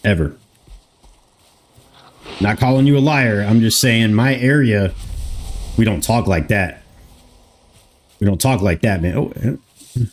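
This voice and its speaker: American guy around 30 streaming a game, lowish voice, rambles at chat and swears a bit. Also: slow pace, long pauses. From United States. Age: 30s. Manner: rambling, talks back to chat, swears casually. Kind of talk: casual gameplay commentary reading chat.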